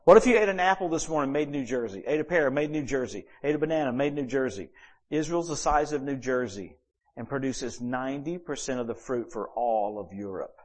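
A man preaching a sermon as the pastor, telling stories in a lively, animated way with big swings in pitch and volume. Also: a little fast.

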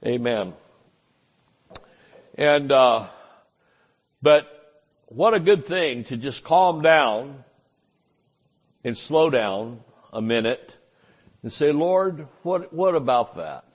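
An older man preaching with a drawl in a folksy, chuckling way. He acts out short voices and asides as he teaches. His voice sits a little high for a man. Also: expressive, takes it slowly, long pauses, a little mellow, breathy edge. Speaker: pastor. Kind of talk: sermon. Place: church.

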